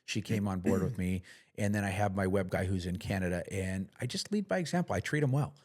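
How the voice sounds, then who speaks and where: Low-voiced man chatting as a podcast guest. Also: quick pace, a little mellow. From United States. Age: middle-aged. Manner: plain-spoken, frequent fillers and restarts. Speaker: podcast guest, business owner. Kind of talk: casual interview talk.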